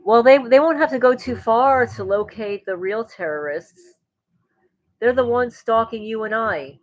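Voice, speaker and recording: A woman's voice: on the high side, measured pace, no room sound, poor audio. A woman hosting a livestream, chatting in a rambling way and answering viewer comments. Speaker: livestream host. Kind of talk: casual livestream chat.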